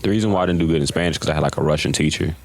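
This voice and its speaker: A very low, deep-voiced young man from Texas talks loosely with plenty of ums and pauses, his voice a little rough with morning throatiness. The sound is close and dry, with no room around it. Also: no echo. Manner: relaxed, hesitant, many fillers. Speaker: guest rapper. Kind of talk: casual podcast chat.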